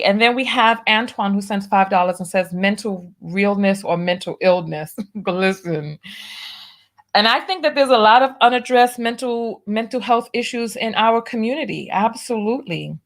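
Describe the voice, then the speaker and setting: A woman hosting her own show, giving preachy commentary and reading viewer donations aloud, with big swings in emphasis. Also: medium pitch. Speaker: show host.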